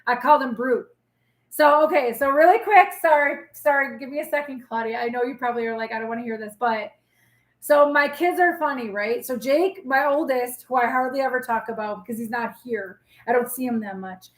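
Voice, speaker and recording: A woman's voice: sits high, a little fast, echoey room. A woman in her forties hosting a casual live tarot reading, chatty, blunt and reassuring as she talks straight to viewers.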